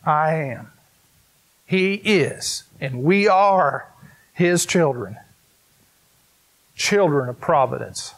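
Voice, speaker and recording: A man's voice: fairly high pitch, expressive, creaky. A man preaching a sermon in church, reading scripture aloud in an emphatic way and talking directly to the congregation. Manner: slow, emphatic, talks to the congregation. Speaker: pastor.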